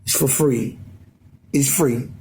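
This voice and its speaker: A man's voice: medium pitch, takes it slowly, warm tone. A man talking loosely to his phone camera at home in Alaska, rambling and repeating "you know what I'm saying". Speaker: vlogger. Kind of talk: rambling casual monologue.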